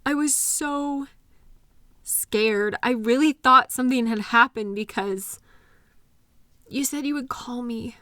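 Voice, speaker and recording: A woman's voice: fairly high pitch, slow pace, pauses often, sharp tone, no echo. A woman voicing a devoted girlfriend who is worried and exhausted, talking in an emotional, pleading way with frequent sighs, in an intimate audio roleplay. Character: anxious, devoted girlfriend, exhausted after a sleepless night.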